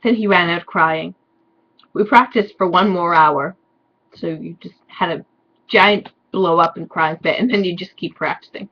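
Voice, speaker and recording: A woman's voice: on the low side, measured pace, slightly rough, muffled recording. A young woman doing a comedic dramatic reading of fan fiction, with sarcastic, mock-despairing asides.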